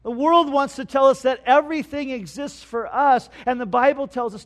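A man preaching a sermon, reading scripture aloud and explaining it earnestly, swinging between loud stresses and hushed asides. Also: very high voice, normal speed. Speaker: pastor.

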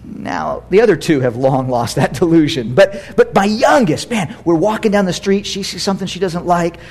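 A middle-aged American man preaching a sermon as pastor, conversational and animated, with playful asides. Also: high-pitched, normal speed.

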